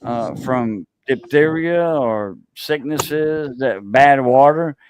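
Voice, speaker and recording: A man's voice: mid-range voice, slight background noise. A man with a Cajun accent, hosting a casual chat and telling long stories with many fillers and restarts. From South Louisiana. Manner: rambling storyteller, halting with many fillers and restarts. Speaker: host.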